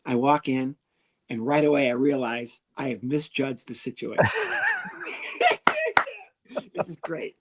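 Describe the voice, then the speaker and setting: A man with a husky, slightly breathy voice, a comedian talking as a guest on an interview show. He tells a story with lots of energy, dropping into the voices of the people in it. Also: mid-range voice, measured pace, long pauses. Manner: lively, animated, acts out the people he quotes.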